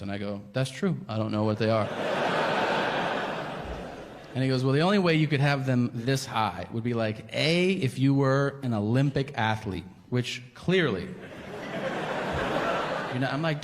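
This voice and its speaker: Over some background noise, a mid-range male comic swears his way through an animated story, voicing both people in the exchange. The big venue echoes with long reverb and the crowd laughs.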